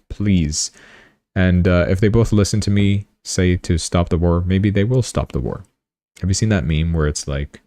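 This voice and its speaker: Male livestream host, deep and mellow, casual rambling commentary. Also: no room sound. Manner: chatty, rambling, joking asides.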